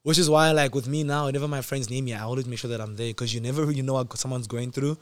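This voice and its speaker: A man in his twenties telling a personal story in a casual, slangy way, swinging between loud excitement and quiet reflection. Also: medium pitch, fast talker, no echo. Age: 20s.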